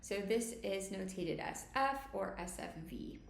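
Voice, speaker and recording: A woman teaching violin, explaining each technique clearly and step by step. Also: mid-range voice, lively intonation, unhurried, echoey room, a little hiss or hum. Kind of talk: instructional tutorial.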